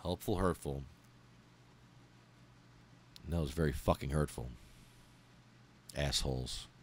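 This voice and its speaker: A man hosting a podcast, reading out a memorial list in a heartfelt, angry way, swearing and pausing as he falters. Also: a bass voice, slight background noise. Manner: heartfelt, angry and profane, with halting pauses. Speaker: podcast host.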